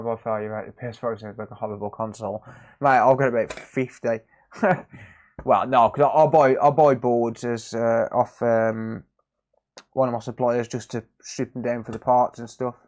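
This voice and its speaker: A man's voice: mid-range voice, fairly even intonation, normal speed, a little mellow. A man chatting casually and crudely with viewers during a live repair stream. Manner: crude joking banter with chat, sweary. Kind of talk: casual livestream chat while repairing.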